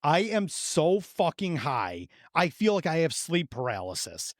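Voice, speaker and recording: A man in his thirties co-hosting a podcast, telling a profane, animated story and acting out his own reactions. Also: fairly high pitch, unhurried, no echo, studio quality. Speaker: podcast co-host. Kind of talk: casual storytelling chat.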